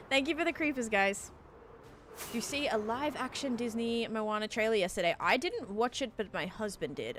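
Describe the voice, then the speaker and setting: A woman livestreamer chatting casually with viewers while she plays, talking loosely with lots of "like" and breaking into quick excited thanks. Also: mid-range voice, slight background noise. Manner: chatty, heavy use of "like", bursts of excited thanks. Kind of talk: casual chat while playing, answering viewers.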